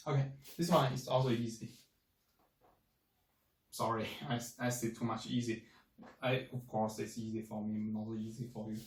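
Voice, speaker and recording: A man whose first language is Chinese, teaching a language lesson slowly and repeating each sound many times. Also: mid-range voice, steady tone. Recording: echoey room, mic at a distance.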